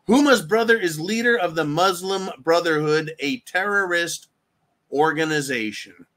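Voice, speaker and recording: Profane, rambling male host, somewhat high voice. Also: slow pace, pauses often, fairly bright tone. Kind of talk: solo commentary rant.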